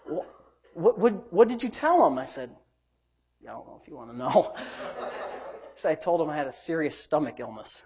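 A man preaching a sermon and telling his own story. He swings between loud, emphatic preaching and low, muttered asides, and he acts out the quoted voices. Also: sing-song, moderate pace, long pauses, slightly rough. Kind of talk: sermon with personal testimony.

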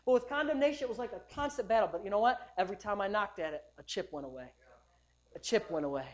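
A male pastor preaching a sermon at a church service, emphatic and repetitive, building up to loud declarations. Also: sits high, lively intonation, fast.

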